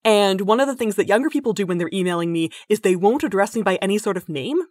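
A woman talks through a casual interview in a lively, chatty way. She keeps slipping into playful voices to quote other people. The sound is dry and close, with no room around her. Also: medium pitch, fast, no echo. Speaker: guest linguist.

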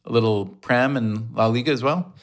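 A middle-aged man co-hosting a podcast, talking in a rambling, halting way and often restarting his sentences. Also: mid-range voice. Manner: rambling, halting, self-correcting. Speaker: podcast co-host. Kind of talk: casual chat.

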